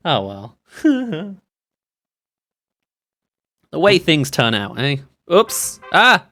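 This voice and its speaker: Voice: medium pitch, wildly swooping pitch, very slow, pushed and bright, soft background music. Chatty streamer reacting to trailers on a live stream, rambles a lot, voice bounces all over. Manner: rambling, chatty, laughs often, reads chat aloud. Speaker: streamer reviewing movie trailers.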